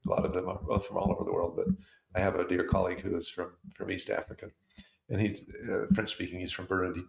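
A man co-hosting a casual talk show, telling stories in a relaxed way with frequent chuckles. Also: low-pitched, fast, vocal fry. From United States. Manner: relaxed storyteller, chuckles often. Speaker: co-host. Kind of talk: casual conversation. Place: Southeast Arizona. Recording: roomy echo.

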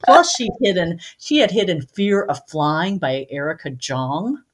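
A woman's voice: lowish voice, sing-song, measured pace, a little hiss or hum. A woman romance author, a podcast guest, talking casually and laughing often as she tells stories. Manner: chatty, laughs often while telling stories.

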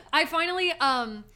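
A woman's voice: very high voice, sharp tone. A woman co-hosting a podcast in casual movie-review chat, giggly and rambling. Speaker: podcast co-host.

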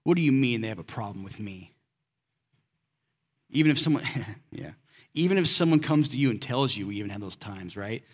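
A man's voice: on the low side, lively intonation, brisk, long pauses. A man preaching a sermon in a casual, conversational way, asking the congregation rhetorical questions and slipping in everyday slang. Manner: casual and direct, slips in slang. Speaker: pastor.

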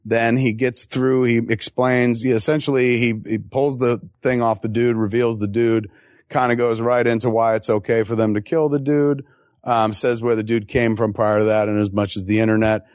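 A man answering audience questions at a live Q&A, telling stories in an animated, profane way with quick asides and acted-out quotes. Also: medium pitch, no echo, studio quality. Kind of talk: live Q&A storytelling.

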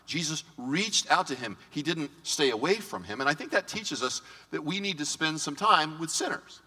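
A male pastor preaching in a big church sanctuary, his voice ringing out with a long hall reverb behind it. His delivery is bright and sharp, pitched a little high, and it swings up and down freely as he jokes with and speaks directly to the congregation. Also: normal speed, few pauses, husky. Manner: lively, joking, talks straight to the congregation. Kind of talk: sermon.

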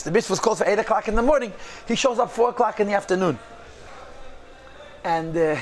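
Male storyteller, high gravelly voice, animated delivery mixing in Yiddish phrases. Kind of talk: storytelling talk.

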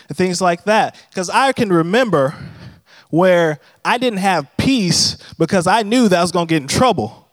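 A man's voice: sits high, animated, moderate pace, no room sound. A young man preaching a sermon in a conversational, humorous storytelling manner. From Texas. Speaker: pastor.

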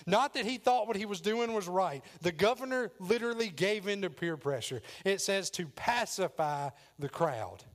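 A man delivers a sermon in a dramatic way, slipping into the voices of the story as he tells it. His speaking voice sits a bit higher than most men's. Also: expressive, moderate pace, hardly any pauses. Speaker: pastor.

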